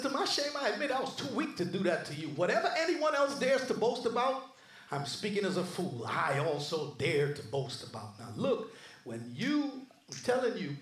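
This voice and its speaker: A man preaching a sermon as pastor, swinging from shouted lines to low murmurs. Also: reverberant, far from the mic.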